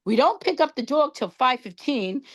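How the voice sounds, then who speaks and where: A woman's voice: high-pitched, sing-song, normal speed, a bit bright, slightly rough. A middle-aged woman from New York, a guest in a casual chat, telling her story about cancer treatment and acting out the dialogue in it.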